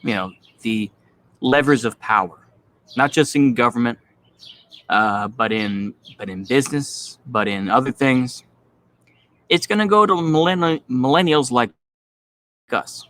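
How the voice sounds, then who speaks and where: A man's voice: mid-range voice, a little slow, pauses often, a bit bright. Blunt, profane man ranting casually. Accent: Texan. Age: 30s. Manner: blunt, profane, dismissive rambling with many fillers. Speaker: political commentary vlogger.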